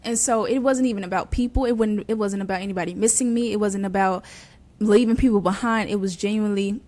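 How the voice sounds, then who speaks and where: A woman's voice: mid-range voice, steady tone, fast, a little mellow. Young adult woman, host, earnest conversational testimony, mid-range voice, loose and chatty. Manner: earnest and conversational, many fillers. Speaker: podcast host. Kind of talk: personal faith testimony.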